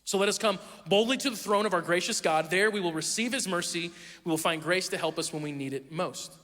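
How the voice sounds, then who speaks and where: A young male pastor delivers his sermon with a high, bright voice. He tells stories about himself with animated, self-deprecating humor. His voice carries a long reverb from a church auditorium. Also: fairly quick. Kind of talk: sermon with storytelling.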